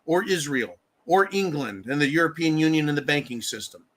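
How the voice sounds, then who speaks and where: On his live stream, a man with a fairly high voice rants about politics, animated and a little fast. He's angry and swears heavily, pausing to thank viewers for their donations.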